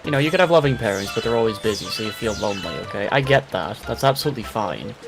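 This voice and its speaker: Animated young man, casual stream talk. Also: fairly low pitch, rapid-fire, over music. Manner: animated, profane storytelling. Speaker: co-host streamer.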